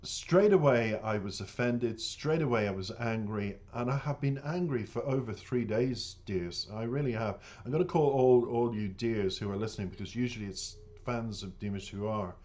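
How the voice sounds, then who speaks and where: A man with an Irish accent and a fairly low voice talks straight to his viewers in a casual monologue. He is earnest and indignant as he rambles, and he calls the people listening "dears". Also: normal speed, hardly any pauses, warm tone. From Ireland. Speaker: reaction channel host.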